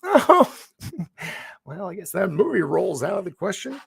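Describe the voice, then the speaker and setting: A man's voice: high voice, wildly swooping pitch, unhurried, vocal fry, pauses often, breathy edge. A man hosting a livestream in a loose, rambling, chatty way, often laughing as he reads the chat. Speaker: livestream host. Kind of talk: casual livestream chat, reading the chat.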